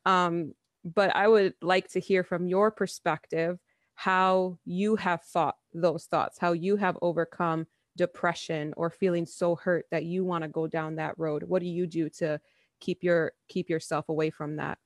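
A woman's voice: fairly low pitch, flat delivery, unhurried, no echo, studio quality. A woman co-hosting a podcast, talking in an earnest, firm way. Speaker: podcast co-host. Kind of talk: casual podcast talk.

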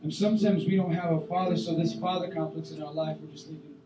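A man preaching a sermon as a youth pastor, animated, bursting into loud acted-out voices. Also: on the high side, quick pace, over music. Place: church sanctuary. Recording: echoey room, voice from far off the mic.

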